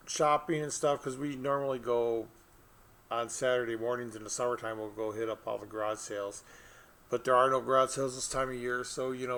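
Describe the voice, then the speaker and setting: A man's voice: mid-range voice, moderate pace, vocal fry, a bit bright. A middle-aged man, an author, chatting casually to camera and telling a rambling story with frequent laughs. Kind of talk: casual vlog chat.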